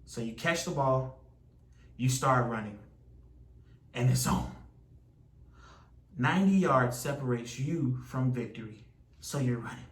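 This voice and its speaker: Male preacher, animated storytelling sermon, roomy echo, off-mic. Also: mid-range voice, unhurried, pauses often, far from the mic. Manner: animated storytelling with sports imagery. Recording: echoey room, voice from off mic.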